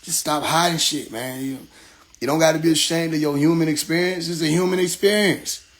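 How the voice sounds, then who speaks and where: A man's voice: a little high, a little fast. A middle-aged man talking casually on a livestream, telling stories with playful voices and laughter. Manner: animated storytelling with playful mimicry and laughter. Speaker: livestream host.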